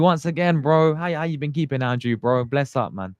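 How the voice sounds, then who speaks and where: A man's voice: a little high, lively intonation, brisk, darkish tone, no room sound, lo-fi sound. A young man hosting a live fan stream, chatting casually and greeting viewers by name in slangy talk. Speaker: fan channel host.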